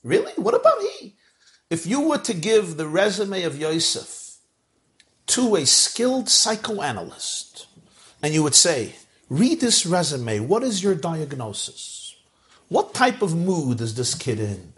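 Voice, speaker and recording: Animated male rabbi teaching Torah. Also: a little high, measured pace. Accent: Ashkenazi Hebrew pronunciation. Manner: animated, emphatic, repeats phrases for emphasis; mixes Hebrew and Yiddish words into English. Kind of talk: Torah lecture.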